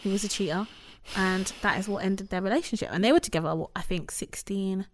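A woman's voice: medium pitch, quick pace, slight background noise. Candid woman telling a story. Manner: candid, animated storytelling with frequent "like" and "you know". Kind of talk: casual conversation.

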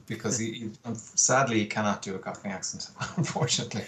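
Chatty man, low voice. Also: quick pace, hardly any pauses, fairly bright tone. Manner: chatty, opinionated, frequent ums and uhs. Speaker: podcast guest. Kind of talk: casual chat. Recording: faint background noise.

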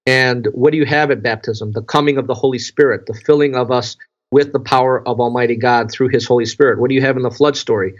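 Animated male podcast co-host. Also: medium pitch, quick pace, muffled recording. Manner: animated storyteller, acts out his own surprise. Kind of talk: casual religious podcast chat.

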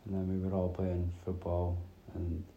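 A man's voice: low-pitched, monotone, moderate pace, gravelly, mellow, roomy sound, muffled recording, slight background noise. A man in his thirties from north-east Scotland who drops his T sounds, rambling through a casual solo podcast chat as host. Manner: rambling, chatty storytelling with many fillers.

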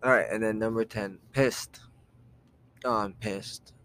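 A man's voice: lowish voice, fairly even intonation, a little slow, a bit bright, slight background noise. A man co-hosting a podcast in casual chat, jokey, laughing often and putting on mock accents. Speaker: podcast co-host.

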